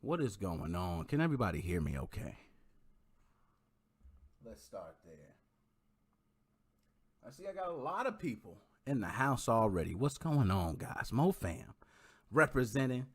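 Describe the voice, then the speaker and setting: A man hosting a casual livestream, animated and talking straight to his viewers while he greets the chat. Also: fairly low pitch, unhurried, pauses often, slightly rough. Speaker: livestream host.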